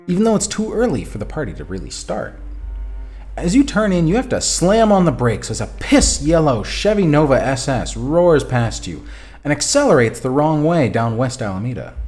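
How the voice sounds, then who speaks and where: A man streaming a text adventure, reading the story aloud and talking back to his chat, animated and quick to swear. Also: medium pitch, faint music behind. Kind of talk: reading a game aloud and chatting with viewers.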